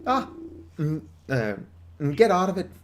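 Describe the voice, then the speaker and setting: A man voicing a rough, grumpy older male miner in a put-on British accent, gruff and dismissive. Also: fairly high pitch, sing-song, measured pace, a little hiss or hum.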